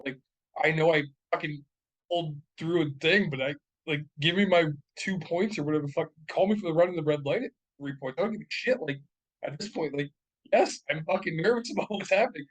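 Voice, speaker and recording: A young man with a slightly raised pitch rambles through a casual podcast chat. He swears freely, piles on fillers and restarts, and laughs as he tells his stories. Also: fairly quick, low-quality recording. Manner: profane, rambling storytelling with frequent laughs and fillers. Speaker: podcast co-host.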